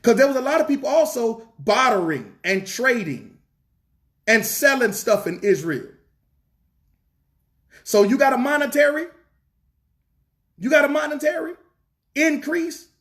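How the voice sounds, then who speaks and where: High-voiced fervent Southern preacher man. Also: sing-song, measured pace, pauses often, a bit bright. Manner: fervent, repetitive preaching with rhetorical questions. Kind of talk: sermon. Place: church.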